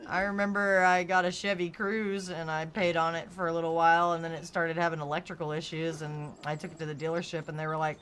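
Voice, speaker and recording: A woman's voice: low voice, little pitch movement, fast, hardly any pauses, a bit bright, smooth. A woman streamer chatting casually, telling car stories and laughing often. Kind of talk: casual chat.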